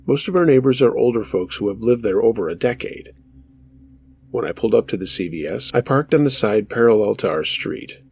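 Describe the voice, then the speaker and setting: A man narrating true scary stories in a measured, steady storytelling manner as the show's host. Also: fairly low pitch, creaky, a little hiss or hum.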